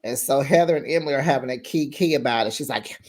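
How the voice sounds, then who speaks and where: A woman hosting a casual reality TV recap, sassy and animated, talking straight to her viewers. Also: a bass voice, quick pace. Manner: sassy, animated, talks straight to viewers with slang like "child" and "honey".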